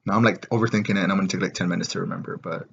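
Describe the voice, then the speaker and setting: A man telling a story in a rambling, excited way, with lots of fillers and swearing. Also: deep voice, racing, gravelly, slightly rough, lo-fi sound. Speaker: vlogger. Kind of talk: casual storytelling.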